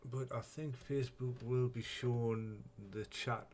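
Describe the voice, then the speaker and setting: A man's voice: mid-range voice, fairly even intonation, unhurried, a little mellow, slight background noise. A man hosting a casual live stream, rambling and chatty, swearing when flustered.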